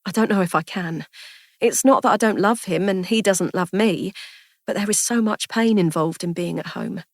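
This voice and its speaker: A woman reading a story, voicing a kind, impulsive young woman who speaks in a lively, affectionate way. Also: medium pitch, normal speed, no echo, studio quality, close to an everyday voice. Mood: warm.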